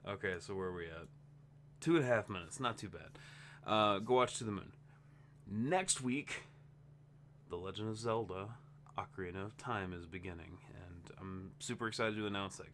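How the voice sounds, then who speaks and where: A man with a fairly low voice hosts a casual update vlog for his gaming channel. He sounds tired and rambles, often breaking off and restarting his thoughts. A faint hum sits under the recording. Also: fairly bright tone. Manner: rambling, self-interrupting, chatty.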